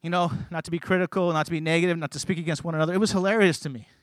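A man with a high voice preaches a sermon, building rhythmic, repeated lists up into shouts and then dropping into quiet asides. The sound is close and dry, with no room echo. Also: fairly even intonation, rapid-fire. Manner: repetitive, rhythmic phrasing. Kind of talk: sermon to a congregation.

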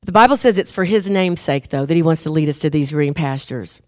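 A middle-aged woman preaching a sermon, telling stories with lively acted-out voices. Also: sits low, a little fast, dry recording, clean studio sound. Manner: animated storytelling, acts out inner voices.

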